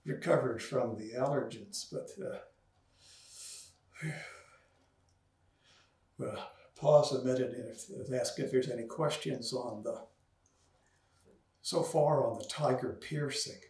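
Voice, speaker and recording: A man's voice: medium pitch, slow, pauses often, a little mellow. A man teaching a qigong class, talking students through movements, counting breaths aloud with long exhaled sounds, and a little out of breath. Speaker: qigong instructor. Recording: very echoey room, voice far from mic.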